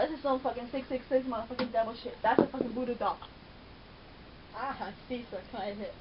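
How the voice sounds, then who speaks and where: A young woman watching a TV show and reacting loudly, profane and brash, shouting at the screen. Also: fairly high pitch, brisk. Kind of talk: loud casual reaction commentary. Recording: dull lo-fi webcam audio with faint hiss.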